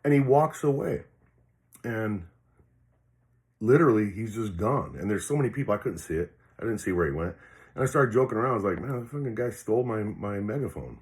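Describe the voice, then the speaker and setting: An older man with a very low voice tells a personal story straight to the camera. He rambles and swears freely, stops to restart his sentences and fills the gaps with "uh" and "you know". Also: animated, a little fast, long pauses. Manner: rambling, frank and profane, with many restarts and fillers. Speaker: retired police officer telling a personal story. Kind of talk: casual storytelling monologue.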